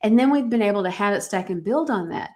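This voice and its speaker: A woman's voice: mid-range voice, lively intonation, fast, dark tone. A middle-aged woman hosting a live-streamed podcast, giving an earnest, encouraging talk and speaking directly to her viewers. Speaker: podcast host.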